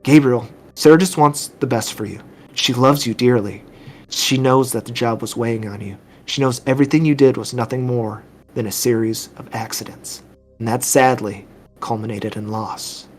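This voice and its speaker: A man voicing a calm psychiatrist who speaks gently and quietly to a patient. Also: medium pitch, normal speed, soft background music, lightly acted. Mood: consoling. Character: calm soft-spoken male psychiatrist.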